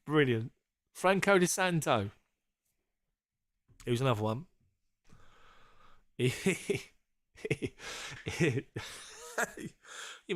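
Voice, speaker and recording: Man, live-stream host, jokey and chatty, laughs a lot, casual swearing, mid-pitched voice, dry close sound. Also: dry recording.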